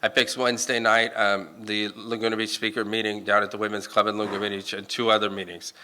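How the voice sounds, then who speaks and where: A middle-aged man telling his personal recovery story to a meeting room, halting and full of restarts, breaking into self-mocking laughs. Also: on the low side, level tone, sharp tone.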